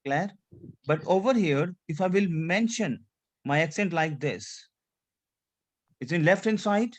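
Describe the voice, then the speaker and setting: A man's voice: fairly high pitch, expressive, a little slow. A man teaching French pronunciation in a lesson, repeating points and checking that his student follows. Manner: repetitive, drilling the student, frequent checks for understanding. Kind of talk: classroom lesson.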